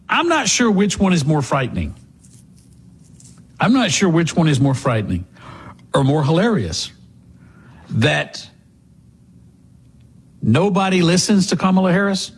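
A man's voice: sits high, slightly rough. A man hosting a political talk radio show, sarcastic and mocking in his monologue.

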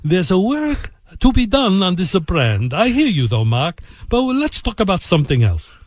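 A man doing an Italian-accented impression of a courteous male executive, speaking slowly and graciously. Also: high voice, huge pitch swings, no room sound, clean studio sound, pitched above the performer's own voice, full character voice. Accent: put-on Italian.

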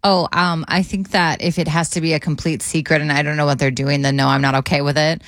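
A woman's voice: sits low, little pitch movement, quick pace, a bit bright, no echo, studio quality. A woman co-hosting a radio show, giving her frank opinion in casual banter.

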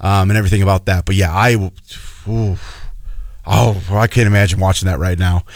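A man's voice: sits low, fairly even intonation, fairly quick, dry recording, clean studio sound. A man in his thirties from the Chicago area, co-hosting a talk show and telling stories in an earnest, emotional way. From Chicago area, Illinois. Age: 30s. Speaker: radio show co-host. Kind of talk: casual chat.

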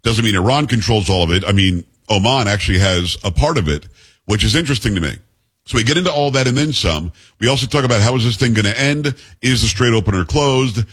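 A man's voice: lowish voice, expressive, fast talker, a bit bright, breathy edge. A man hosting a political talk radio show, delivering an emphatic monologue in short, punchy declarations.

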